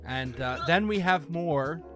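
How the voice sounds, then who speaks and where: A man's voice: a little high, lively intonation, slow pace, music in the background. A man hosting a casual podcast, joking, swearing and reading sponsor plugs. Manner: loose, swearing, reads ad plugs. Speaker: podcast host.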